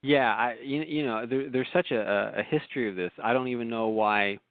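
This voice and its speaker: A man's voice: mid-range voice, steady tone, a little fast, dry recording. A man in a casual radio talk, telling long rambling stories with restarts and laughs. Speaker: guest author. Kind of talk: casual storytelling on a call-in show. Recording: phone line.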